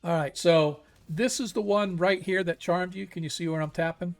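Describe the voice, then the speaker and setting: A man's voice: high-pitched, steady tone, moderate pace, soft background music. A man running an online tabletop game as game master, casual and hesitant, often laughing.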